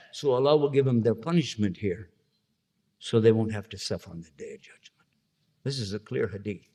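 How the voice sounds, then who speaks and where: A man's voice: medium pitch, darkish tone. Man giving a chatty religious lecture. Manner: storytelling, acting out little scenes with funny voices; conversational, asks the audience questions. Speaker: Islamic lecturer.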